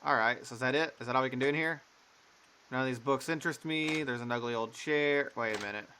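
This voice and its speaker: A man's voice: medium pitch, quick pace, bright, forceful tone, a little hiss or hum. A man giving casual, joking commentary while playing a game. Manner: joking, offhand. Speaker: let's play gamer.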